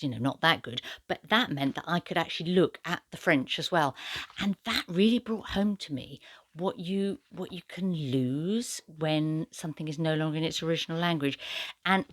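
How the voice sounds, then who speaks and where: A woman's voice: low-pitched, dry recording. A woman book vlogger talking casually about poetry in translation, chatty and hesitant with many fillers. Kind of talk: casual book review talk.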